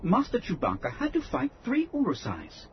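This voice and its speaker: A man's voice: very high-pitched, wildly swooping pitch, moderate pace, slight background noise, voice pushed up, full character voice. A man voicing a chirpy, obsequious male protocol droid in an audiobook. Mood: fussy. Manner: prim, obsequious. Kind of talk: audiobook character voice. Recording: dull lo-fi audio.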